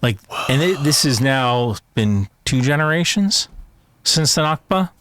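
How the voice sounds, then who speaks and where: Animated man with a lively voice. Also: mid-range voice, unhurried, slight background noise. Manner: animated, laughing, restarts a lot. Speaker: intelligence analyst guest. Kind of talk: casual podcast chat.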